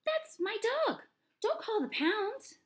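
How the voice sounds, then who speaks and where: A woman reading aloud and voicing a bold, impulsive little girl who hollers in a high, loud voice from a children's storybook. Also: unhurried. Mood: hollering.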